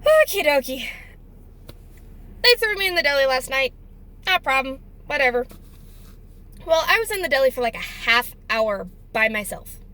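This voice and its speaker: A woman's voice: high voice, sing-song, normal speed, long pauses, pushed and bright, low-quality recording. A young woman telling a workplace story in a chatty, exasperated way, casual storytime vlog. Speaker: deli worker telling a story.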